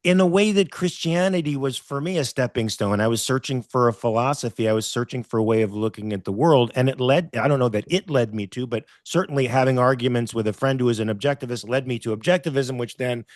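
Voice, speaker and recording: A man hosting a casual chat, speaking in a relaxed, reflective way with many hesitations. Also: medium pitch, quick pace, hardly any pauses, no room sound, studio quality. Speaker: host.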